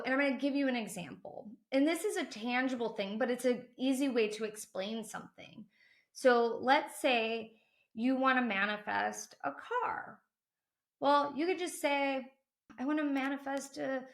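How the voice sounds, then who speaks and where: Woman, manifesting coach, motivational teaching, emphatic, repetitive phrasing, somewhat high pitch. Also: fairly bright tone. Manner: emphatic, repeats phrases for stress.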